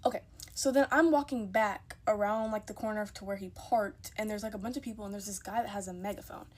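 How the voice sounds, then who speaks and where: A woman's voice: medium pitch, fast talker, a little mellow. A young woman telling a casual storytime into her phone, chatty and emphatic, acting out the people in her story.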